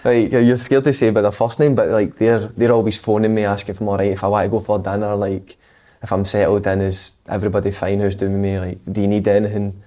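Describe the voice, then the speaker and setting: Laid-back young Scottish man, low mellow voice. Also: little pitch movement, fast talker. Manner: laid-back, rambling, lots of "like" and "mate". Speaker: footballer guest. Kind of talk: casual chat.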